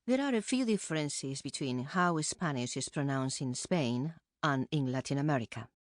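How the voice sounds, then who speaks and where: A woman co-presenting a pronunciation course with calm, careful explanation, recorded close on a studio mic. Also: low voice, normal speed, no echo. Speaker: Spanish co-presenter. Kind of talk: scripted instructional narration.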